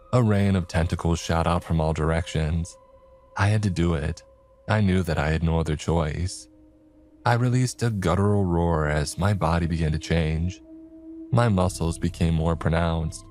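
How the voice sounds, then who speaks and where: A man giving a measured, dramatic scripted narration of a horror story. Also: low-pitched, darkish tone. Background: faint music.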